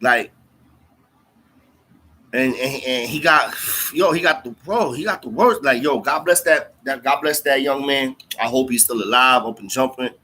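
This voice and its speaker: A man's voice: mid-range voice, moderate pace, pushed and bright, a little hiss or hum. A man telling a story in casual, slangy speech full of fillers and profanity. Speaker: storyteller recounting jail time.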